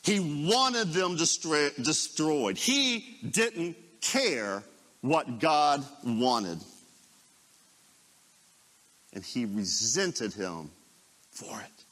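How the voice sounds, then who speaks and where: A man preaching a sermon as a pastor, telling the story dramatically and dropping into hushed asides. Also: a little high, expressive, very slow, pauses often, in a large hall.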